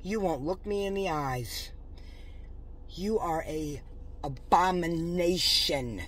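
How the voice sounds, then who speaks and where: A woman's voice: on the low side, very animated, slow, breathy edge, no room sound. A woman telling a story in a vlog. She is fervently religious, agitated and rambling, and uses many fillers. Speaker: religious vlogger.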